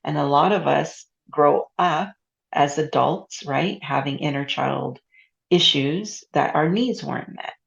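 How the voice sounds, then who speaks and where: A woman's voice: low voice, unhurried, creaky, dull audio. A woman hosting an interview, asking reflective questions and affirming her guest. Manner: reflective, with frequent affirming murmurs. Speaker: host. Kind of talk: casual interview chat.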